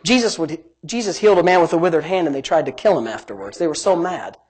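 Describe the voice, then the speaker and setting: A middle-aged man preaching a sermon as pastor, animated, moving between quiet asides and emphatic rising lines. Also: on the high side, fast, slightly rough, poor audio.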